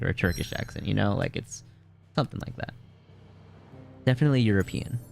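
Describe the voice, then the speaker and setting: Streamer commentary: young man with a lowish, gravelly voice, rambling and casual over faint game music. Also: darkish tone. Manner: rambling, many "like" fillers.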